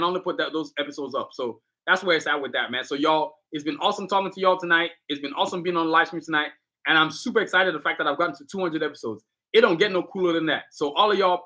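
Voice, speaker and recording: High bright-voiced livestream host, hyped. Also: male voice. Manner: hyped, motivational, slangy and direct. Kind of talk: casual livestream talk.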